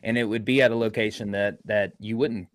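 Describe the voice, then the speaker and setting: A man's voice: on the low side, fairly even intonation, a little fast, no room sound. Storytelling man investigator, dry sound. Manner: vivid, detailed storyteller, restarts sentences. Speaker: paranormal investigator. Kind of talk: animated storytelling in a group interview.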